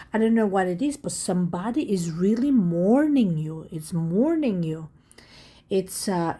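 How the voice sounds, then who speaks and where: A woman reads tarot cards for her viewers in a casual, excited way. She stresses and repeats each point. Her voice is husky and mellow, with a soft, breathy edge. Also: mid-range voice. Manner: excited, emphatic and repetitive, addressing viewers directly. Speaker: tarot reader. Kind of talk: casual tarot reading to camera.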